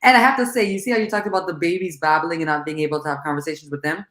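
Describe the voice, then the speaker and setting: A woman in casual conversation, talking animatedly in quick bursts with restarts. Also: deep voice, a bit bright. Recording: echoey room.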